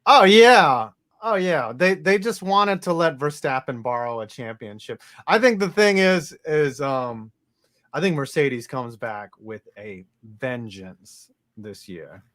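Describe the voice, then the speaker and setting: A man's voice: fairly high pitch, expressive, slow pace, fairly bright tone. A man co-hosting a sports podcast, reading out listener messages and chatting loosely with jokes and swearing. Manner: loose, swearing, jokey asides. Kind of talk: casual sports chat.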